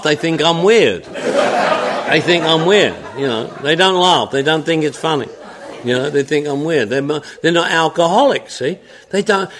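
A man's voice: a little high, a bit bright. A man speaking to an audience at a recovery meeting, telling his story in a folksy, drawling, joking way with lots of repetition.

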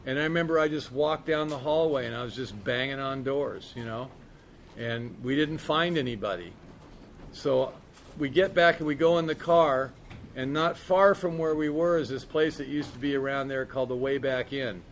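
A man's voice: mid-range voice, normal speed, a little hiss or hum. A man candidly telling a recovery story in a casual, profane way, peppered with "man" and "you know". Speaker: speaker sharing his recovery story.

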